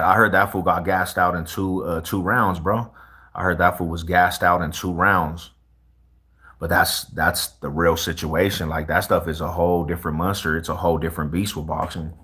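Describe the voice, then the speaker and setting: A man's voice: sits low, little pitch movement, moderate pace, pushed and bright, slightly rough. A young man from Colorado chatting casually with viewers on a livestream, laid-back and full of street slang. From Colorado, USA.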